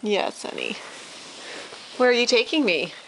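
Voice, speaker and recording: A mother with a slightly high, unhurried, sing-song voice coaxes and praises her toddler while they play at home. The home video, shot among toys, was captured on a noisy camcorder.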